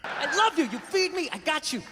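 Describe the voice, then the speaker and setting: A man's voice: very high voice, big pitch swings, brisk, big-room sound, very noisy, pitched above the performer's own voice. A man voicing an overexcited, loyal female pit bull that is proud and devoted, in a stand-up routine. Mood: eager.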